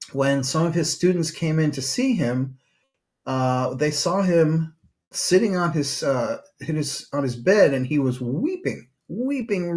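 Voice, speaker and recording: A man's voice: on the high side, darkish tone. A man hosting his own podcast, telling a story in a loose, unscripted way with frequent fillers and restarts. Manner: loose, rambling delivery with many fillers and restarts. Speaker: podcast host; psychotherapist. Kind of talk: storytelling monologue.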